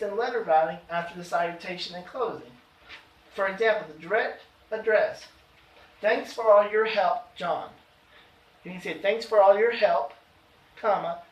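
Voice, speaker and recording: A man teaching an adult education grammar lesson, slowing down to read out example sentences with emphasis. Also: sits high. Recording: echoey room, voice from far off.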